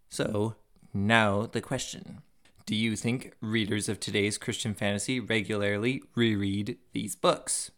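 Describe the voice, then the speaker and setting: A man's voice: fairly low pitch, fairly even intonation, measured pace, a bit bright. A man co-hosting a casual podcast, with a dry, sardonic, teasing way of talking. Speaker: podcast co-host. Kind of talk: casual chat.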